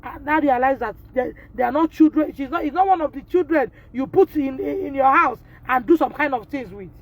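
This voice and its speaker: A woman's voice: sits high, a little fast. A Nigerian-accented woman, a pupil's mother, speaking in an emphatic, indignant way and repeating her points as she addresses the school directly. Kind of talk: impassioned live video appeal.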